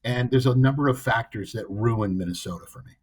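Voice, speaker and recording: A man's voice: medium pitch, brisk, breathy edge. A man from the US East Coast co-hosting a podcast, telling a story in a blunt, wry, self-deprecating way. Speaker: podcast co-host. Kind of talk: casual chat.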